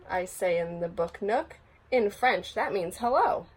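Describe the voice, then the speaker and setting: A woman reading a children's picture book aloud in an expressive storytelling voice. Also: mid-range voice, unhurried, husky. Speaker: storybook reader.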